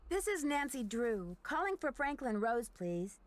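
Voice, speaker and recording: An actress voicing a polite, level-headed young woman detective in a video game. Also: on the high side. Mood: calm. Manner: calm, polite, measured.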